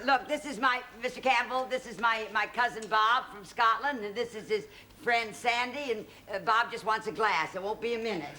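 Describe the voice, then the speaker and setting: A woman's voice: on the high side, moderate pace, sharp tone. An actress playing a chatty, easily flustered American woman who stammers, in a 1970s sitcom.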